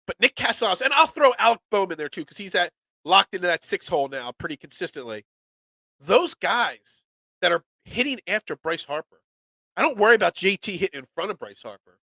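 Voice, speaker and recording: Male sports podcast host, congested and nasal from a cold, high and bright, animated and rambling. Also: fairly quick, dry recording. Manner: animated, excitable, repeats words. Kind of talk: casual sports talk show.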